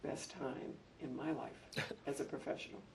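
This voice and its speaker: A former school administrator, now older, shares heartfelt reminiscences at a public event and grows animated during anecdotes. His gravelly voice is medium in pitch and moderately paced. The distant mic records faint room noise.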